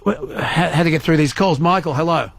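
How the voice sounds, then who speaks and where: A man's voice: a little high, brisk, gravelly, dry recording. A man with an Australian accent hosting talkback radio, stammering and emotional with gratitude on his last show. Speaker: radio host.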